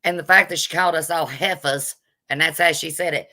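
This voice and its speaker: A woman with a bright, forceful voice rants bluntly with plenty of sass. Her tone is indignant as she runs a live vlog commentary and stops to greet her viewers. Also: sits low, fairly even intonation, brisk. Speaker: vlogger.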